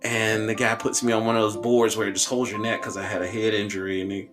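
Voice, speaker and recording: Guy in his 30s telling a wild story on his podcast, lowish voice, jumps up high when he gets into it, light music under him. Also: fast. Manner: animated, humorous, conversational. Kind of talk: personal storytelling.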